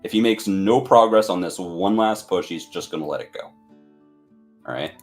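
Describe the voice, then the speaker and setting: A man playing his character in a tabletop game, deliberate and freely swearing. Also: low-pitched, faint music behind. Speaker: player. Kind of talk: casual tabletop play.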